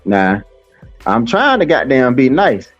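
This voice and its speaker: A man's voice: mid-range voice, big pitch swings, slow, faint music behind. Profane ranting man. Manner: cursing, taunting, rambling with many fillers. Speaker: livestream host. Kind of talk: profane live-stream rant. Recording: slightly dull lo-fi stream audio.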